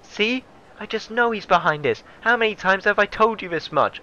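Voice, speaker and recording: A man voicing an excitable, suspicious young male secretary in a raised, indignant voice. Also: high voice, moderate pace, pitched above the performer's own voice. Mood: agitated. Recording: dull lo-fi with faint noise.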